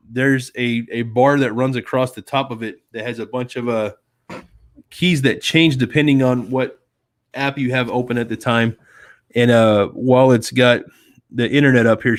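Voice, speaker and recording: A man's voice: medium pitch, dry recording, studio quality. Rambling chatty man on a stream. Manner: rambling, chatty, talks to his cat in a soft baby voice. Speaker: live stream host. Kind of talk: casual live-stream chat. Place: home studio with softbox light. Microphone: desk microphone on a stand.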